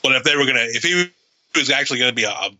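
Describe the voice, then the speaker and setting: A man's voice: mid-range voice, rapid-fire, bright, forceful tone. A man co-hosting a podcast in casual chat, swearing and laughing often. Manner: profane, laughing. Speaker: podcast co-host.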